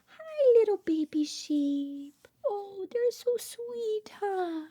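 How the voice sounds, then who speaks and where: A woman reads a bedtime picture book to little ones in a very high, bright-toned voice that swoops up and down with lively inflection. She speaks slowly and gently, often dropping into a soft whisper. She keeps pausing to coax the child with questions. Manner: coaxing, asks the child many questions. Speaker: speech therapist reading aloud. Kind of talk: bedtime story read-aloud for young children.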